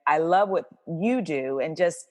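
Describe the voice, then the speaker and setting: A woman with a deep voice hosts a podcast interview, chatting effusively and enthusiastically in a casual way. Her delivery is animated, a little slow and somewhat mellow, and the recording has a big-room sound.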